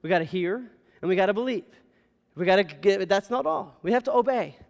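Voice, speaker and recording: Male pastor, high and resonant, chatty storytelling sermon, echoing hall. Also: expressive, fairly quick, gravelly. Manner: storytelling, conversational, frequent "okay?" checks. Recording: hall reverb.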